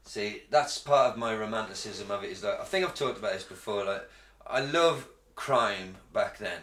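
Excitable swearing podcast host. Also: male voice, on the low side, moderate pace. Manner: excitable, heavy swearing, animated storytelling. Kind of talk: casual chat. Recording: roomy echo.

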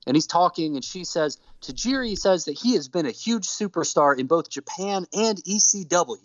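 Male podcast co-host, animated storyteller, slightly high and very expressive, dry lo-fi mic. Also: normal speed, no room sound. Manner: animated storyteller, acts out quotes in put-on voices. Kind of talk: casual recap chat.

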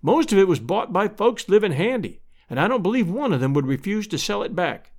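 A man voicing an eager, bustling country housewife with folksy rural speech in a storybook reading. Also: high voice.

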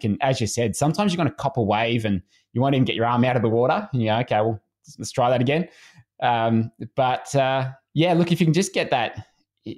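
A man, a swimming coach speaking as a podcast guest in an easygoing, casual way. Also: medium pitch. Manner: relaxed, easygoing, frequent restarts.

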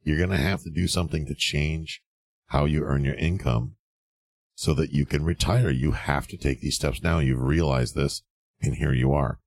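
Sarcastic, mocking male commentator with a husky, very low voice; blunt advice monologue. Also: fairly even intonation, normal speed, darkish tone, no room sound. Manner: sarcastic, mocking, acts out quoted people. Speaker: real estate commentator.

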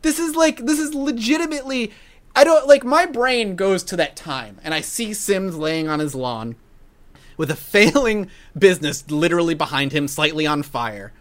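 A podcast host spins a history tale in loose, casual chat. The delivery is sarcastic and mocking, and the pitch swings widely and animatedly from phrase to phrase. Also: lively intonation, normal speed.

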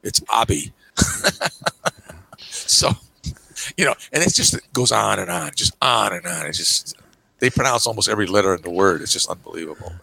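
Older man, gravelly, emphatic storyteller. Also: moderate pace, long pauses, no echo, rough recording. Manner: emphatic storyteller with lively pitch jumps and frequent "okay"s. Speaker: podcast guest, camera magazine publisher. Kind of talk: casual podcast chat.

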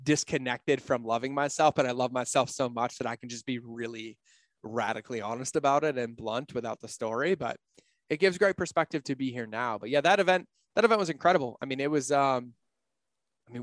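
A man talking casually on a podcast, blunt and animated, swearing freely and acting out his own quotes. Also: fairly quick, no echo. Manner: acts out his own quotes with big pitch jumps.

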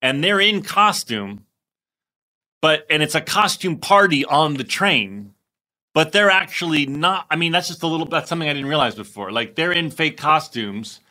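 Chatty male podcast co-host, bright voice. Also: on the high side, animated, moderate pace. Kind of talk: casual chat.

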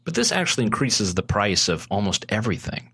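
A man's voice: on the low side, big pitch swings, brisk, fairly bright tone, breathy edge. A man speaking as a guest on a casual podcast, earnestly explaining policy at length with frequent restarts.

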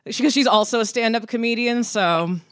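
A woman's voice: on the high side, a little fast, no echo. Chatty young woman from Connecticut. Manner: rambling and laughing, many fillers and restarts. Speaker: guest. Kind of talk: casual chat.

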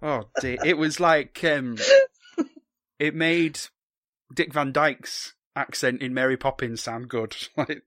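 A man's voice: mid-range voice, steady tone, takes it slowly, fairly bright tone, no echo, clean studio sound. A man casually recapping a film on a podcast, joking and swearing with many ums. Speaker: podcast co-host.

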